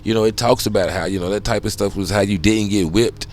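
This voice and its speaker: A man's voice: lowish voice, steady tone, fast talker, a little mellow, a little hiss or hum. A middle-aged man hosting a casual monologue, loose and conversational, swearing often and checking in with "you know what I'm saying.". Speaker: podcast host.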